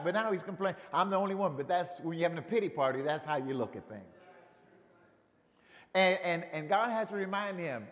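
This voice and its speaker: A man pastor preaching a sermon, animated, often restarting phrases and acting out quotes. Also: high voice, a little fast, in a large hall. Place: church sanctuary.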